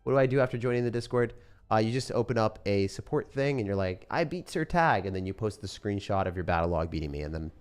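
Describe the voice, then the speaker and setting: A young man streaming a game, chatting casually in a relaxed, rambling way with lots of fillers. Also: fairly low pitch, fast talker, smooth, faint music behind. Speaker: gaming streamer. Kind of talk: casual sponsored stream chat.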